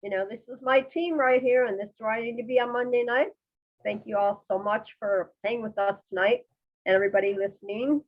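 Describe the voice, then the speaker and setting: A woman's voice: a little high, fairly even intonation, fairly quick, phone-quality sound. A cheerful woman with a head cold greeting listeners as a podcast panel member. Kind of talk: casual podcast chat.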